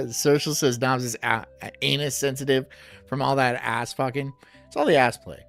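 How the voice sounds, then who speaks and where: A woman's voice: rumbling low, steady tone, measured pace, soft background music. A woman hosting a casual reaction stream who teases and jokes crudely. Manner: crude, teasing, giggly. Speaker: streamer host.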